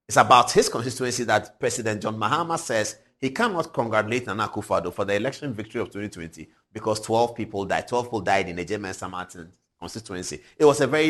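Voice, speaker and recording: A man in his forties with a Ghanaian English accent, hosting a TV show, telling stories with animated energy and frequent chuckles. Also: lowish voice. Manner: animated, chuckling, swings from loud to hushed. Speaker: TV show host. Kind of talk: lively commentary and storytelling. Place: TV studio.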